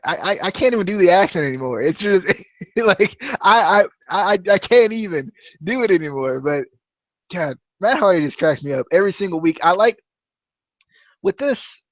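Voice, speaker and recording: A man's voice: high voice, dry recording. Chatty man with a dull, dry mic sound. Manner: rambling, laughs often, many fillers and restarts. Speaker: podcast host. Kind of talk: casual wrestling review chat.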